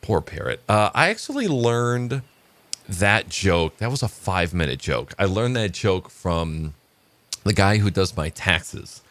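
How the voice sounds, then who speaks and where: Man vlogger, low voice, lively pitch, loose rambling storyteller. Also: unhurried. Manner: rambling, relaxed, many fillers. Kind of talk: casual joke telling and morning vlog.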